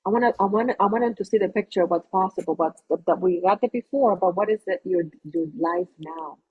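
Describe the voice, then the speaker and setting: A woman's voice: medium pitch, fast talker, slightly rough, narrow, tinny audio. A woman hosting a podcast interview, effusive and encouraging in her questions. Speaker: podcast host.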